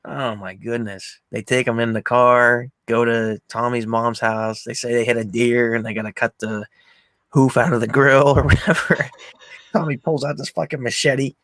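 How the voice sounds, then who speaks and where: A man hosting a casual movie chat, retelling scenes with lots of swearing and excited quoted lines. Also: mid-range voice, normal speed, no room sound. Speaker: podcast host.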